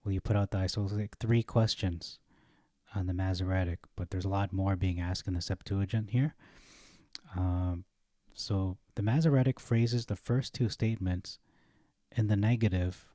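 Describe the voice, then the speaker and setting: A man reading Bible verses aloud and commenting on them, thinking aloud, correcting himself and pausing on fillers. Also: low voice, fairly even intonation, warm tone, no echo, clean studio sound. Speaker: Bible study teacher.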